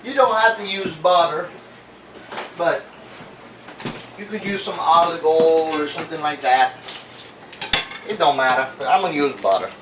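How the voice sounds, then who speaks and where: This is a casual, comedic cooking demo led by a man with a high-pitched voice who rambles and jokes, with plenty of fillers and side remarks between steps. He speaks at a moderate pace with long pauses, recorded from across an echoey home kitchen. Clattering pots, dishes and cutlery make for a noisy background.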